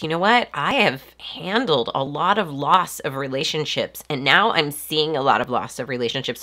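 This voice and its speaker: Her voice is low, a bit bright, and stuffy with congestion, giving it a nasal quality. She's in her forties, hosting a live stream in a relaxed, reflective way, though she keeps hesitating, filling gaps with ums and starting over.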